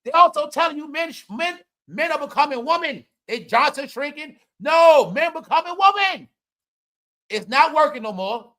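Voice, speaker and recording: A man giving casual comedic commentary to his audience, loud and profane, laughing often and swinging between shouting and muttering. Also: extremely high pitch, expressive, moderate pace. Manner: profane, talks straight to the audience. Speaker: online commentator.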